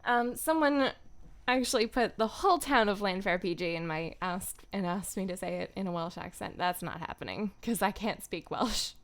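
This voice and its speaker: Chatty young woman with a smooth voice. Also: mid-range voice, moderate pace. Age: young adult. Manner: chatty, laughs often, many fillers. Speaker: voice actor streaming. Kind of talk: casual live-stream chat.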